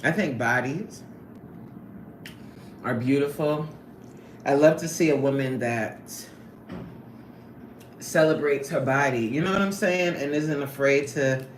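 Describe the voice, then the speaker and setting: A woman hosting a casual livestream, chatting with viewers in a sassy, animated way and laughing often. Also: very deep voice, takes it slowly, long pauses, reverberant, slight background noise. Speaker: livestream host reading chat.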